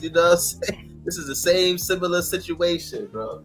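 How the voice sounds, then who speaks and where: A man's voice: sits high, fairly quick, faint music behind. Slangy man telling a story on a stream panel. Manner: laid-back slangy storytelling, profane. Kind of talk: live-stream panel banter.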